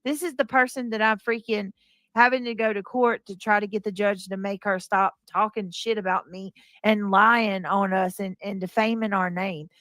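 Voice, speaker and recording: A woman's voice: medium pitch, fairly even intonation, moderate pace, a bit bright, dry recording. A woman speaking indignantly and defensively on a livestream.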